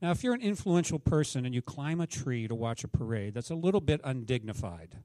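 A man in his fifties preaching a sermon, telling stories dramatically and swinging between loud exclamations and hushed asides. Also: mid-range voice, big pitch swings, fairly quick, no echo. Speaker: pastor.

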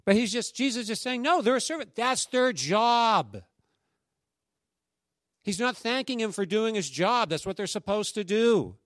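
A man preaching a sermon, speaking in a conversational, animated way and acting out quotes from the people in his stories. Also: sits high, normal speed, dry recording, studio quality. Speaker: pastor.

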